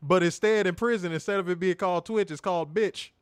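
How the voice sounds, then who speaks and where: A man co-hosting a review podcast, ranting and teasing in a loud, profane, animated way. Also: high voice, fast talker, clear, resonant tone, no echo, studio quality. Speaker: co-host of a wrestling review show. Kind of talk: casual podcast chat.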